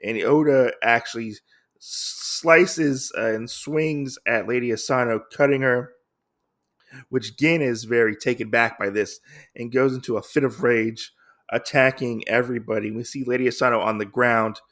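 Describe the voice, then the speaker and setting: A man's voice: medium pitch, fairly even intonation, moderate pace, fairly bright tone. A man hosting a podcast, casually recapping a comic in a rambling, filler-heavy way. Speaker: podcast host.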